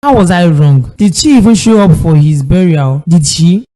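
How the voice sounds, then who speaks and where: A man's voice: on the high side, animated, normal speed, dark tone, big-room sound, close to an everyday voice. A man with a Nigerian accent voicing a bitter, grieving young man who speaks curtly. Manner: curt, defensive.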